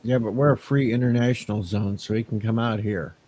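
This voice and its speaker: A man's voice: on the low side, fairly even intonation, brisk, a little mellow, slight background noise. A man co-hosting a live stream, teasing the host and reading out viewer comments. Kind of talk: casual chat.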